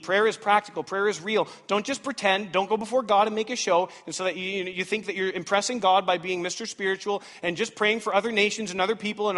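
Animated high-voiced male preacher. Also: fairly quick. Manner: animated, dramatic swings from loud to hushed. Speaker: pastor. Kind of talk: sermon. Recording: reverberant church hall.

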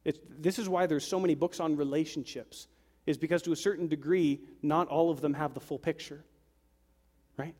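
A man in his thirties preaches from the pulpit with a high-pitched voice. His tone stays conversational, and he breaks off into joking asides to the congregation. The sound carries a long hall reverb. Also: steady tone, normal speed, darkish tone. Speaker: pastor. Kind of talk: sermon. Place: church sanctuary with congregation.

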